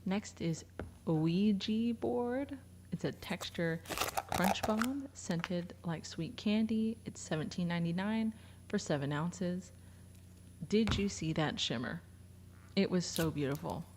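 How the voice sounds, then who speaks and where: A woman talks through her slime reviews in a casual, gushing way. Her voice sits low. Clear crinkling, crunching and clicking play under her words throughout. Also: measured pace, a little mellow, a little hiss or hum. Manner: chatty and gushing.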